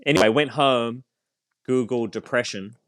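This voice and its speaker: A man who is a priest, a podcast guest, telling his story candidly in a reflective, halting way with fillers and light self-mocking laughs. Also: mid-range voice, fairly bright tone, smooth, dry recording, clean studio sound.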